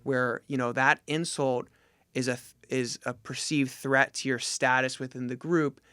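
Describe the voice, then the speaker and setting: A man's voice: mid-range voice, little pitch movement, unhurried, bright, forceful tone, clear, resonant tone, dry recording. A man from New Jersey, a gym owner and jiu jitsu coach, talking reflectively as a podcast guest. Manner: reflective, thoughtful, with many fillers. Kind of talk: casual conversation.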